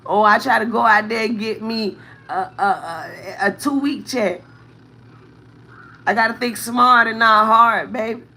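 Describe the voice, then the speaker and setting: A woman's voice: fairly high pitch, unhurried, pushed and bright. A woman, venting candidly to viewers on a live stream and thanking commenters as she talks. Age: 30s. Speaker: vlogger, mother of four.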